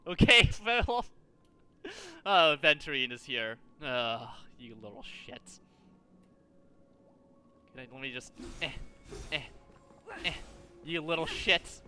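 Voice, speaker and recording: A man streaming a game, chatting casually, animated and exasperated, swearing often at a desk mic. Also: fairly high pitch, measured pace, long pauses, faint music behind. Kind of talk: casual livestream chat while gaming.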